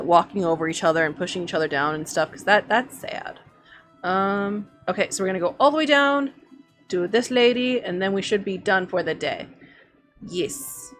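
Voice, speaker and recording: A woman streaming a video game, chatting casually and thinking aloud as she plays. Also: mid-range voice. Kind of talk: let's-play commentary.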